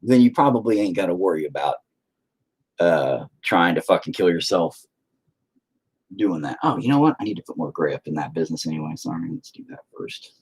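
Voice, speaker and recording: A man's voice: low voice, big pitch swings, fairly quick, a little mellow, slightly rough. A man chatting casually and profanely with viewers while he paints, rambling and putting himself down. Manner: profane, rambling, self-deprecating.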